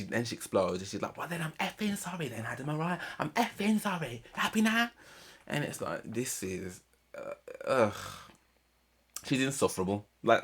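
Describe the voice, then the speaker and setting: A man's voice: low-pitched, breathy edge. A man casually recapping a reality show episode in a chatty, rambling way. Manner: chatty, rambling, mimics cast members. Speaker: reaction channel host.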